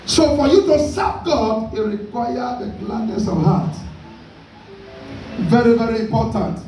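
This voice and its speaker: High-voiced pastor in an echoey church. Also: male voice, measured pace, soft background music. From Nigeria. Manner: animated preaching with call-and-response and frequent laughter. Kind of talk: sermon. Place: church hall. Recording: echoey church hall, mic far off.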